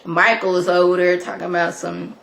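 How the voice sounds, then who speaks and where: A woman's voice: lowish voice, level tone, fairly quick, vocal fry, fairly bright tone, a little hiss or hum. A woman recapping a TV episode in a casual vlog, chatty and full of slang and playful asides. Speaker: TV show reviewer.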